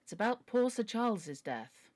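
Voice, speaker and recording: A woman's voice: medium pitch, very animated, normal speed, close to an everyday voice. A woman voicing a humble, pleading older male butler while reading a novel aloud. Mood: earnest. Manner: earnest, deferential, begging.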